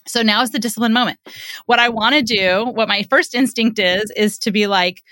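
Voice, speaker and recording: A woman's voice: a little high, fairly quick, pushed and bright, no echo. Middle-aged woman guest, earnest explainer who acts out quotes, dry recording. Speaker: psychotherapist and parenting author, podcast guest. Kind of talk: conversational storytelling, explaining.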